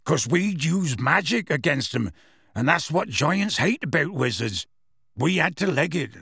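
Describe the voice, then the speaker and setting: Man reading as a huge gruff gamekeeper, gravelly, husky, rough dialect, audiobook. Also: on the high side, a bit bright, no room sound, clean studio sound, full character voice. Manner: rough dialect speech, dropped sounds, storytelling relish. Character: huge gruff male half-giant gamekeeper, warm-hearted.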